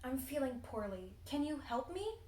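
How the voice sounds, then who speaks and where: This is a sick, gentle young cactus boy, acted out by a teenage girl reading a storybook. He sounds high and small, and his pleas come out plaintive and soft. The room around the voice is echoey. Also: sing-song, normal speed, recorded from a distance. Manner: plaintive, pleading.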